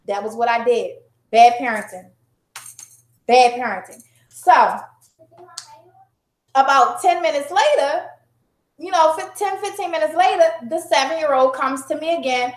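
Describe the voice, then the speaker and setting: A woman's voice: high-pitched, normal speed, reverberant. A middle-aged woman on a talk show panel, telling a story from home in a casual, emphatic way.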